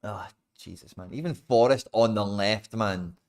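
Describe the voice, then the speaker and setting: Exasperated young Scottish man, low voice. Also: measured pace. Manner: exasperated, swears freely, rants with sudden loud outbursts. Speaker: football watch-along host. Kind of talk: live match watch-along chat.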